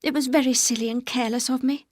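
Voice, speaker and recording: A woman's voice: sits high, fairly even intonation, fast talker, no echo, clean studio sound. A woman playing a shy, anxious young bride. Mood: timid. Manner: earnest, pleading, raised and bright.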